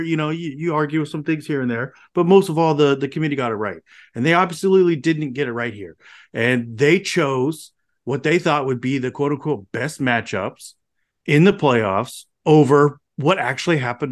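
A man co-hosting a sports podcast, ranting angrily and swearing freely. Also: fairly high pitch. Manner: angry, profane, fired-up ranting. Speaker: podcast co-host. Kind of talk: casual podcast rant.

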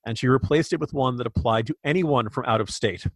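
A man's voice: medium pitch, brisk, no echo, clean studio sound. A man co-hosting a podcast, giving opinionated political commentary with frequent restarts. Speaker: podcast co-host.

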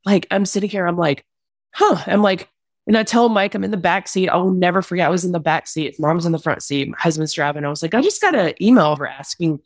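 A young adult woman talks through a painful memory as a podcast guest, candid and rambling, leaning on "like" as she goes. Her voice sits somewhat low. The sound is dry and close. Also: fast talker, dry recording. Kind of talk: emotional personal account.

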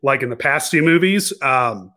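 A man's voice: medium pitch, animated, moderate pace, sharp tone. A man co-hosting a podcast, chatting casually about a film with lots of restarts and self-corrections. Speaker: podcast co-host. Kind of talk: casual podcast review chat.

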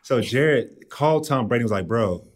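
Fast-talking joking man. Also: medium pitch, lively intonation. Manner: joking, tells stories in quoted voices. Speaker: podcast guest, sex coach. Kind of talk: casual chat.

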